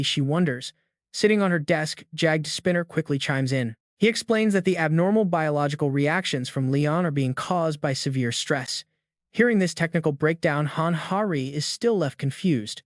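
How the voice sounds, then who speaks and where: A man tells a comic-book story in a scripted, dramatic narration, his voice sitting a bit high for a man. The recording is close and dry with no room sound. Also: moderate pace, dry recording. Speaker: recap narrator.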